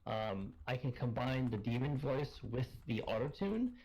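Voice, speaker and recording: A man's voice: medium pitch, sing-song, measured pace, mellow. A man in casual voice-chat talk, his voice run through an auto-tune changer, rambling with lots of fillers as he looks things up. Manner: rambling, searches aloud, many fillers.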